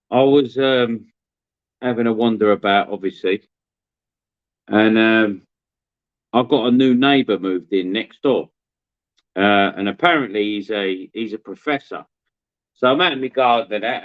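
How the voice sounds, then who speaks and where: A man's voice: on the low side, no room sound, highs cut off. A man chatting casually on a live stream, telling a joke with swearing and plenty of banter. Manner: swearing jokey storyteller.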